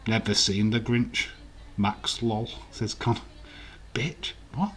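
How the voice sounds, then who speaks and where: A man's voice: on the low side, slow. A man hosting a casual quiz live stream, reading out viewers' answers and swearing now and then.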